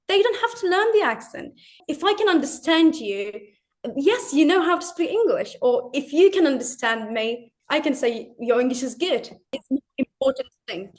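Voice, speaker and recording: High-voiced woman. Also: animated, normal speed. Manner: firm, reassuring, repeats her point. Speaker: interview guest, English learner. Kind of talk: casual interview answers.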